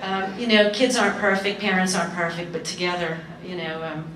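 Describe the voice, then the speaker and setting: A woman panelist telling lively family anecdotes to an audience, acting out the quotes. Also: on the low side, brisk, slight background noise. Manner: lively storyteller, acts out quotes. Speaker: workshop panelist. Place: community seminar hall. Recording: echoey hall, mic far off.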